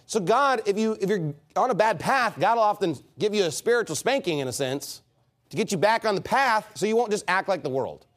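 A man preaching a sermon as pastor, in an animated, mocking and emphatic manner. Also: high voice, a little fast.

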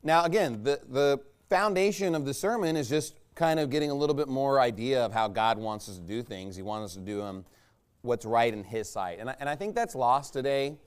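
A man with a medium-pitched, smooth voice preaches a sermon at a brisk clip. His style is loose, conversational and rambling, and he keeps checking in with the congregation by asking "right?"

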